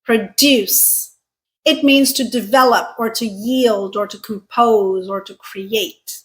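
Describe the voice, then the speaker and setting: A woman teaching English pronunciation, speaking slowly and carefully, stressing syllables to contrast word pairs. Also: medium pitch, steady tone, rough recording. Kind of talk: scripted teaching.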